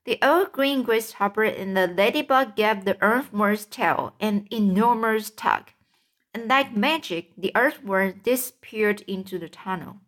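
A woman reading a children's storybook aloud, slow and careful, with occasional slips. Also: medium pitch. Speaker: reader.

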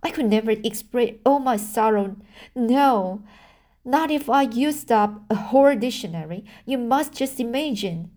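A woman's voice: fairly high pitch, expressive, measured pace, a little mellow. A woman voicing a dramatic, talkative young orphan girl pleading for forgiveness in a storybook.

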